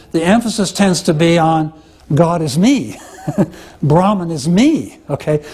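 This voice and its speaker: A man with a slightly high voice teaches a class in an easy, conversational way. He keeps checking that his listeners follow with a quick "okay?" or "right?", and he fills his pauses with "uh" as he restarts his sentences. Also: a little mellow. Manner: explains with frequent "okay?" and "right?" check-ins; conversational, with many "uh" fillers and restarts. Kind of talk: classroom lecture.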